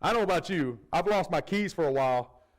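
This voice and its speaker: Guy preaching a sermon, pretty high voice, swings up and down a lot, chatty asides. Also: fast, rough recording. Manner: animated storytelling, conversational asides. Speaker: pastor.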